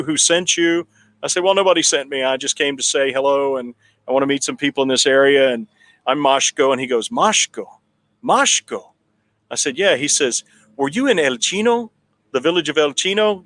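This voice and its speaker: A man in a town hall conversation telling a long personal story in a relaxed, rambling way with frequent restarts. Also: on the high side. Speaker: political candidate guest.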